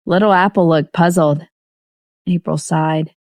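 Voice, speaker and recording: A woman narrating an audiobook novel in steady storytelling. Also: fairly low pitch, normal speed, dry recording, clean studio sound. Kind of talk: scripted narration.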